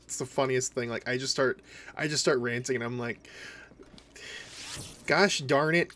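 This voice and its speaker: A man's voice: medium pitch, level tone, brisk, fairly bright tone, a little hiss or hum. A man with a Minnesotan accent from the northern United States, chatting in a casual, rambling way while streaming a game. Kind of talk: casual live-stream chat.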